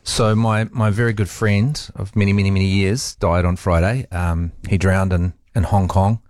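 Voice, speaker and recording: A man in his forties, a radio talk host, giving a heartfelt tribute in a halting way with restarts and pauses. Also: low voice, fairly even intonation, darkish tone, dry recording, studio quality.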